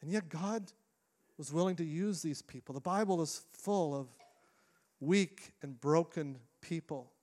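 A middle-aged man preaches to his congregation in a sermon, his voice sitting somewhat high for a man. He speaks earnestly and often restarts a phrase before pressing on. He moves between quick stretches and slow, deliberate ones. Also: darkish tone. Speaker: lead pastor. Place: church sanctuary.

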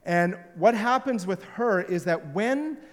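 A male pastor with a notably high voice preaches to a live congregation, his words ringing through a long hall reverb. He tells stories with a playful, joking manner and gets the room to join in. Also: expressive, measured pace. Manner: playful, jokey storytelling. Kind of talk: sermon with audience participation.

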